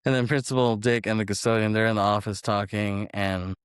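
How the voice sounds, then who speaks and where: A man's voice: lowish voice, fairly even intonation, brisk, clean tone, no room sound, studio quality. A man co-hosting a podcast, casually retelling film scenes in a rambling way and laughing now and then. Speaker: podcast co-host.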